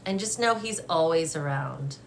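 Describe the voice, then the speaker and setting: A young adult woman giving a live-streamed psychic reading, gentle and emotional, hesitant with many fillers and restarts. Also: low-pitched, animated, normal speed, vocal fry, slight background noise. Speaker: medium.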